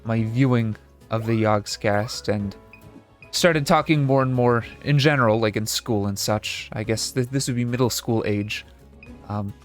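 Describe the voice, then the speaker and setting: Young man, mild Canadian accent, mid-range voice, halting let's-play chatter, soft game music behind. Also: medium pitch. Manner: rambling, halting, self-correcting. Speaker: gaming video host. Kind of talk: casual let's-play commentary.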